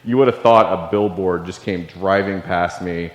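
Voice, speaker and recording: His low voice holds a steady tone at normal speed as this middle-aged Navy veteran from Illinois gives an earnest, confessional keynote built around a personal story. The audio sounds dull, and the large hall adds an echo with long reverb.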